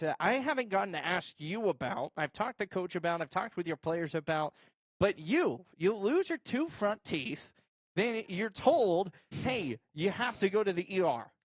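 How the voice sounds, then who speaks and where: A man who hosts a local sports show, calling football highlights and then interviewing a player in a casual, filler-heavy way. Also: moderate pace, no echo, clean studio sound. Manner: excited shouting calls over game highlights, then casual questions with fillers. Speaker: sports show host and play-by-play caller. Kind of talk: high school football play-by-play and interview.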